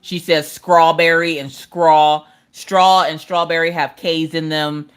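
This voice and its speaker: A woman chatting casually on a live craft stream, telling animated stories and laughing often. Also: deep voice, takes it slowly, clear, resonant tone. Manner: animated storytelling, laughs often, acts out quotes.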